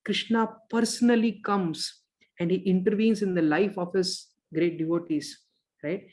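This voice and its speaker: A man's voice: high voice, measured pace. Man telling a scripture story in a lecture. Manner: animated storyteller acting out characters' lines. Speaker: yoga and scripture teacher. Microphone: online course recording.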